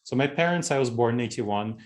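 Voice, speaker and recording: A man's voice: medium pitch, expressive, fairly quick. Moldovan-accented man giving a leadership talk. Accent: Eastern European. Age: 40s. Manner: conversational, repeats key phrases for emphasis. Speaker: keynote speaker. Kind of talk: leadership presentation.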